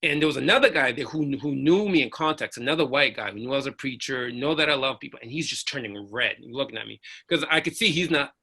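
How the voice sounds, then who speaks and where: A man's voice: medium pitch, fast talker, vocal fry, few pauses, husky. A man, a preacher and uniformed officer, telling a personal story with earnest feeling in a panel discussion. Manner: earnest, animated, acts out the voices of others.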